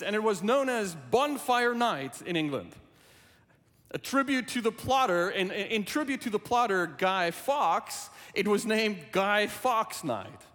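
A man preaching a sermon in a church, speaking earnestly and deliberately, repeating his key phrases. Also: high voice, fairly bright tone, big-room sound. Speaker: pastor.

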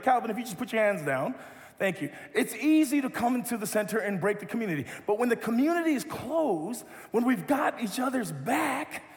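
A man preaching a sermon, leading a playful live object lesson with animated, joking delivery. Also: sits high. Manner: animated, rises to loud exhortation. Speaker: pastor. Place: large church hall. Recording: long reverb of a hall.

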